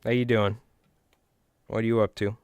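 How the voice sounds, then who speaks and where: A man with a New York accent talks casually to viewers while he ties flies. He rambles and jokes with a lowish, smooth voice. The sound is dry and close to the microphone. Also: flat delivery, normal speed, darkish tone, no room sound. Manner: rambling, joking, chatty with viewers. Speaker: fly tying channel host. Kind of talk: casual livestream chat while tying flies.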